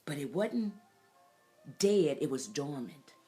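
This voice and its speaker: A middle-aged woman giving an emotional personal testimony as host, impassioned and preacherly, rising to near-shouts. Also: low-pitched, very animated, slow pace, breathy edge, soft background music.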